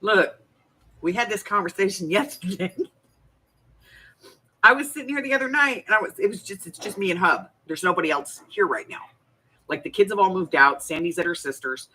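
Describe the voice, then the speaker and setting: A middle-aged woman hosting a craft livestream from her home desk, chatting casually and telling animated stories with frequent laughter. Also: fairly low pitch, fairly quick, slightly rough, rough recording. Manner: animated storyteller, laughs often. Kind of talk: casual chat while crafting.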